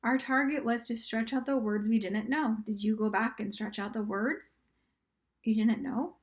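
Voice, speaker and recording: In a recorded class for young children, a woman with a fairly high pitch and fairly even intonation teaches reading and writing. She sounds words out slowly, patiently encouraging the kids, and occasionally whispers.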